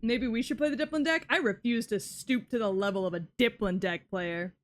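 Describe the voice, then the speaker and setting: A woman's voice: a little high, a little fast. A tired young woman streaming a card game, grumbling and swearing in exasperation as she chats with viewers. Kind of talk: casual live-stream chatter while playing. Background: faint music.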